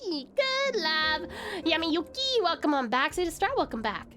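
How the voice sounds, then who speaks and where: A woman's voice: sits high, sing-song, moderate pace. An Australian woman streaming casually, bubbly and chatty, greeting viewers with sweet nicknames. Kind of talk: casual live-stream chat. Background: faint game music.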